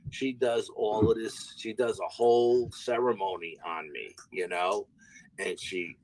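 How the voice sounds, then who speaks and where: A man's voice: lowish voice, husky, low-quality recording. A man, a guest paranormal investigator, telling a story in a rambling, casual way, repeating words and swearing now and then.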